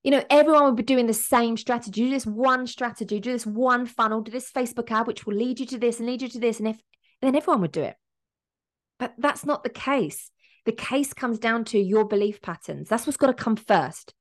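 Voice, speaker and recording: A woman's voice: a little high, fairly quick. Upbeat emotional woman podcaster. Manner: emotional, upbeat and motivational, with frequent fillers. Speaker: podcast host and business coach. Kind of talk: solo podcast monologue.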